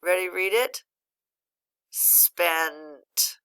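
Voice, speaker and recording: A woman's voice: fairly low pitch, a little slow, gravelly, sharp tone. A patient woman teaching a phonics lesson to a young child, praising often and guiding each word step by step. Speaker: reading teacher.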